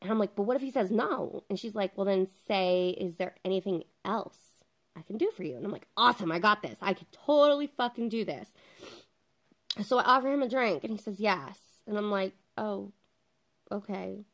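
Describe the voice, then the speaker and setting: A woman's voice: medium pitch, animated, moderate pace, fairly bright tone. A woman in her thirties casually telling a funny story at home, chatty, swearing freely and acting out what everyone said. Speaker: vlogger.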